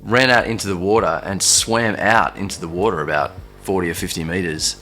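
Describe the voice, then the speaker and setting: A young man telling a personal story in a loose, halting way, full of fillers and restarts. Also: low-pitched, bright, forceful tone. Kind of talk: casual first-person storytelling. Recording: faint music underneath.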